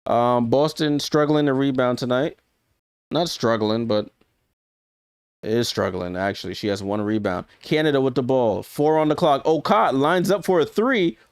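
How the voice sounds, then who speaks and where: A man's voice: mid-range voice, moderate pace, smooth, dry recording, studio quality. A man streaming live basketball commentary in a casual play-by-play manner, chatty and often correcting himself mid-sentence. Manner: chatty, corrects himself often and laughs at his own slips.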